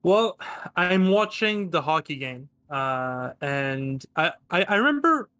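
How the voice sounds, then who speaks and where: Man, Quebec French accent, French-Canadian, hesitant caller, slightly high voice, dry sound. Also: very animated, slow, bright, forceful tone, dry recording. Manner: hesitant, polite, apologetic. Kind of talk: casual call-in chat.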